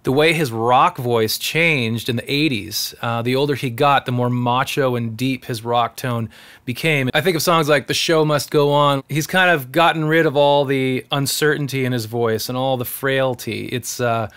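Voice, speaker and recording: A man's voice: mid-range voice, fairly even intonation, normal speed, a bit bright, clear, resonant tone. A man teaching singing in a casual tutorial, explaining technique in an earnest, encouraging way. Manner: breaks into sung demonstrations between explanations. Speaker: singer teaching vocal technique.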